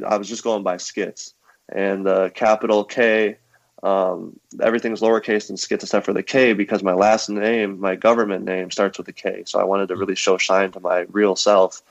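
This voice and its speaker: A man's voice: on the low side, dry recording, muffled recording. A man who is a rapper, chatting casually as a podcast guest, laid-back and swearing freely. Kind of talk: casual interview chat.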